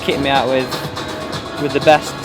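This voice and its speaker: A man's voice: medium pitch, flat delivery, normal speed, over loud music. A man, a pro cyclist vlogging in a casual, joking, rambling way. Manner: chatty, joking, rambling with fillers. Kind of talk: casual chat.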